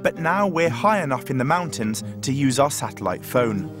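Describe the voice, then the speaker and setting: Man narrating a documentary. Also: mid-range voice. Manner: measured, steady narrating. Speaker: presenter and expedition leader. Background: background music.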